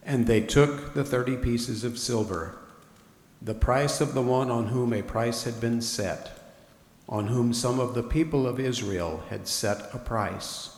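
A man gives the spoken parts of a scripture reading with emphatic, declaiming force. His mid-pitched voice rings out in a big church with long reverb. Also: a little slow. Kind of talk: dramatized liturgical reading. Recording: echoey hall, long reverb.

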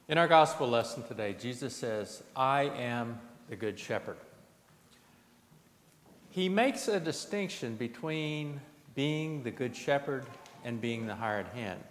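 A man's voice: medium pitch, reverberant, big-room sound. Man pastor reading gospel in church, formal pace, faint hum behind. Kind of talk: liturgy and sermon. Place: church sanctuary.

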